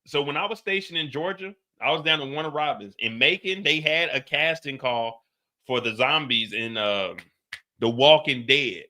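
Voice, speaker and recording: A man's voice: on the high side, moderate pace, sharp tone. A man hosting a casual live reaction stream, talking in loose, profane, slangy banter and laughing often.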